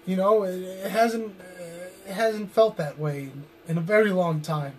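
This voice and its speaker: A man's voice: sits high, measured pace. Intense man cutting a wrestling promo. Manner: brooding and intense, bursting into loud shouts. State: tired and drained. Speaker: pro wrestler.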